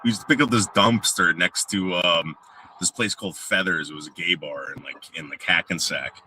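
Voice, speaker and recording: A man in casual chat, telling stories with lively, profane delivery. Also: low-pitched, distant mic, a little hiss or hum. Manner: animated, profane storytelling.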